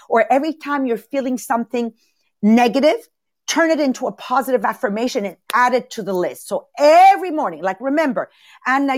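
A middle-aged woman giving a live motivational talk as a coach, energetic and repetitive, calling on listeners by name. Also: a little high, no room sound. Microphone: video call.

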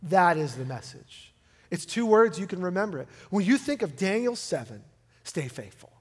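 A pastor preaching a sermon in a casual, conversational way, swinging from loud emphatic lines to hushed ones. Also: male voice, sits high, very animated, moderate pace, husky. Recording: long hall reverb with music behind.

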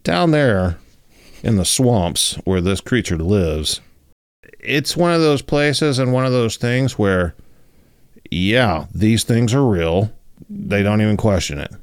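Chill guy cohost spinning a story, kinda low voice. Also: lively intonation, no echo, clean studio sound. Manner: laid-back, drawn-out storytelling. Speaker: podcast co-host. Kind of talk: casual chat and storytelling.

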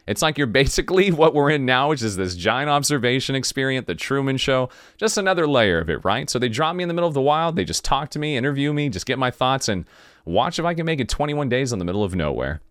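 A man with a mid-range voice hosts a podcast, recorded at studio quality with no echo. Reflecting in a late-night monologue, he tells his stories with energy and acts out the conversations in them.

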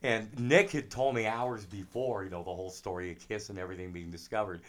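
Middle-aged male drummer, low-ish voice, animated casual storyteller. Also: fast. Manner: animated anecdotes with laughs. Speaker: drummer guest.

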